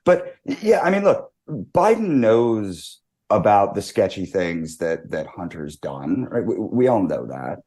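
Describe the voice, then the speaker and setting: A man who is a guest commentator on a talk show, speaking casually and haltingly, with frequent restarts and filler. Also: fairly low pitch, sing-song, a little mellow.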